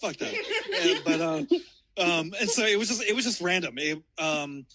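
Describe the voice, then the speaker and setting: A man's voice: sits high, lively intonation, normal speed, a crowd in the background, rough recording. A man calling in from outdoors downtown, telling a rambling, profane story with frequent laughter. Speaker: caller. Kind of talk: casual storytelling.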